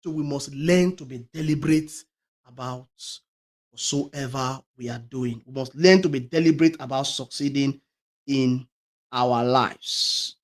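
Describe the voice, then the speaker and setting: A man's voice: mid-range voice, measured pace. A man hosting a talk show, giving an emphatic motivational talk that repeats its key phrases and restarts often. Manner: swings between loud stresses and quiet trailing words.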